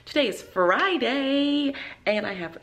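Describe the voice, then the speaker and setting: A woman's voice: sits high, slow, slight background noise. A young woman, an ESL teacher, chatting casually in a vlog and acting out quotes as she tells stories, with lots of "like" fillers. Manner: animated storyteller, many "like" fillers, acts out quotes.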